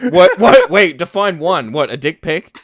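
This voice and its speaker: Male host, thirties, lively pitch, dry sound, quick exasperated reactions. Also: dry recording. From Australia. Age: 30s. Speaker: podcast host. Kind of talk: casual comedic banter.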